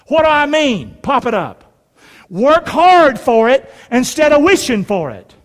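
A man's voice: very high voice, sing-song, unhurried. A middle-aged male pastor preaching a sermon in a church, folksy and emphatic, pulling the congregation into call and response. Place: church sanctuary. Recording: long hall reverb.

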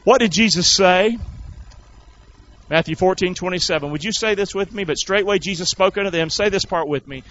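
A man preaching a sermon in a folksy, call-and-response way, swinging between shouted lines and low asides. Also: fairly quick, muffled recording, slight background noise. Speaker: pastor.

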